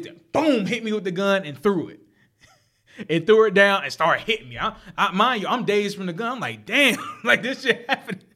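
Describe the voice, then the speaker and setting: A young man telling a story in casual chat, animated and profane, laughing often as he talks. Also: high voice. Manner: animated, laughs often, profane street slang, repeats and restarts.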